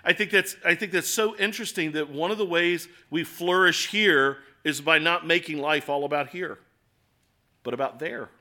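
A man's voice: fairly high pitch, normal speed, pushed and bright. A man with an American accent preaching a sermon in an earnest, conversational way, full of rhetorical questions. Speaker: pastor.

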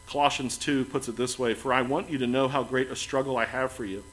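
A man preaching a sermon as pastor, earnest, building to emphatic lines and then dropping soft and quiet. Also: mid-range voice, steady tone, brisk, low-quality recording.

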